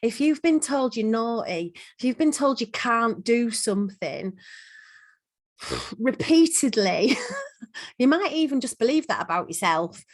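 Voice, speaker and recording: A woman's voice: a little high, sing-song, measured pace. A woman, a hypnotherapy trainer, talking casually to a group over a video call, with plenty of ums and restarts. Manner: chatty, frequent ums and restarts. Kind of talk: casual teaching talk. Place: online peer supervision call.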